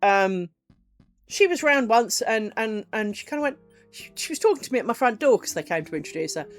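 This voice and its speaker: A middle-aged woman, chatting casually with viewers during a crafts stream, animated and profane, acting out little conversations. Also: a little high, fairly quick, soft background music. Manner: chatty and animated, swears freely, acts out little dialogues. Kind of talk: casual chat with live viewers while crafting.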